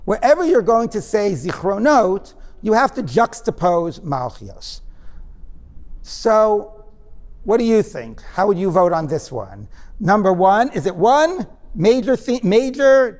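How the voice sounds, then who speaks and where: A rabbi with a high, slightly mellow voice teaches a class in an echoey hall, giving an interactive text-study lecture. He questions his students and talks conversationally, with digressions and fillers.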